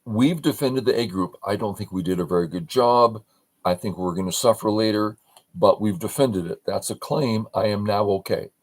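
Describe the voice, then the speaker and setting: A man's voice: on the low side, moderate pace, low-quality recording. An older man teaching a game review on a livestream, talking in short broken phrases and asking and answering his own questions.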